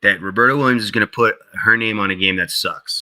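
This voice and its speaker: Speaking fast over a rough recording, a game developer appearing as an interview guest spins his story casually, packed with "like" and "you know." His tone is very bright and forward, and he animatedly shifts into a higher register to voice other people's quotes.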